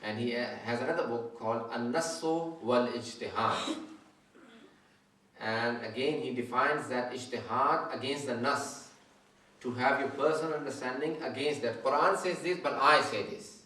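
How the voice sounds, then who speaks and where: A man's voice: mid-range voice, sharp tone. Man lecturing in an echoey hall. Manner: explanatory, checks audience understanding often; says he usually speaks very fast. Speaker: Islamic scholar giving a lecture. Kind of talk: religious lecture with audience questions. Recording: echoey hall, mic far off.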